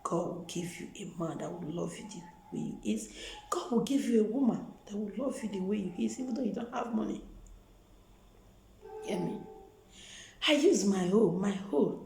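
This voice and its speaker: A woman with a Nigerian accent speaks straight to her viewers in a low, warm, gravelly voice. She talks with emphatic repetition, stacking one phrase on the next to drive her point home. The sound carries the echo of a reverberant room. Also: animated, brisk, a little hiss or hum. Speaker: vlogger. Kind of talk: testimony and encouragement to viewers.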